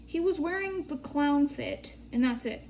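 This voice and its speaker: Young woman vlogger, slow and chatty, slightly high voice, faint background hiss. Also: expressive, dull audio. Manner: chatty, swears casually, rambling storytelling. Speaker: crafting tutorial vlogger. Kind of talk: casual chat while demonstrating bead crafting.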